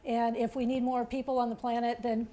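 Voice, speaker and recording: A woman author giving a chatty, animated presentation to an audience, pointing things out on a chart and checking in with "okay?". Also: a little high, a little fast. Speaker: author giving a public talk.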